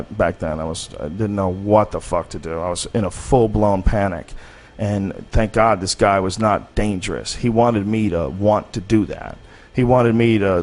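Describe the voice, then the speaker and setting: Casting: low-voiced male podcast host, rambling candid storyteller, swears freely. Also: a little mellow. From United States. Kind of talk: casual storytelling.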